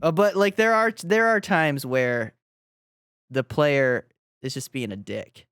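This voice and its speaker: A man co-hosting a podcast, chatting casually about sports, laughing often and acting out shouted quotes. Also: on the high side, slow pace, clean tone, no echo, studio quality. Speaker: podcast co-host.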